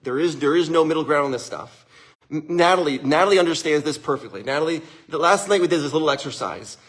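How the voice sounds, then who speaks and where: Animated man telling a family story. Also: a little high, quick pace. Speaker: host. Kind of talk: casual motivational talk.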